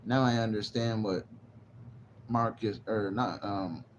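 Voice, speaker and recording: A man chats loosely with his livestream viewers while smoking, drifting from thought to thought and swearing freely. His voice sits fairly low. The audio is dull and lo-fi, with a faint hiss behind it. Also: slow pace. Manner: rambling, profane, laid-back. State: stoned, zoned out. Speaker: livestreamer reading chat. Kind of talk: casual livestream chat.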